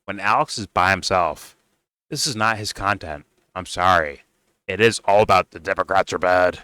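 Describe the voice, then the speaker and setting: A man's voice: lowish voice, pushed and bright, clean tone, no room sound, studio quality. A man hosting a reaction video, ranting in a profane, exasperated way about what he watches. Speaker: host reacting to a debate. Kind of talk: reaction commentary.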